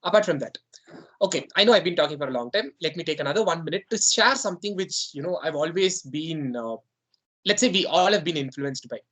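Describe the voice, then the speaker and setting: A man's voice: on the high side, animated, fairly quick, fairly bright tone. A man with an Indian English accent, the club president chairing an online meeting in a rambling, conversational way with many fillers.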